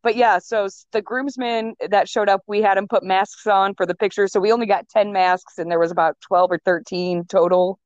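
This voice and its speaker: A young woman talking in a casual chat as a guest, chatty and quick to laugh, on a dull lo-fi recording. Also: mid-range voice, steady tone, no echo. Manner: chatty, laughs often, many fillers. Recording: dull lo-fi sound.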